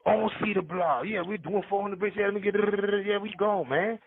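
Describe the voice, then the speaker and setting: A man's voice: high voice, steady tone, normal speed, background noise. A man telling rambling street stories as a podcast guest, slangy and jumping between names. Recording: tinny phone line.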